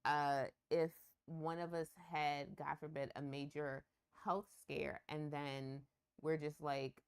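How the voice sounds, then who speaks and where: A woman co-hosting a relationship podcast, talking in a relaxed, conversational way with wry asides. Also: deep voice, slow, smooth. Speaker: podcast co-host. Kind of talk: casual relationship chat.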